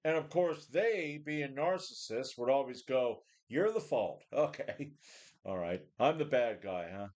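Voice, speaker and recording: A man's voice: mid-range voice, animated, measured pace, darkish tone. Man in his forties, weary, cursing, unscripted webcam vlog from a home gym. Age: 40s. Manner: blunt, profane, weary, full of sighs and restarts. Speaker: vlogger. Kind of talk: casual rambling talk to a webcam.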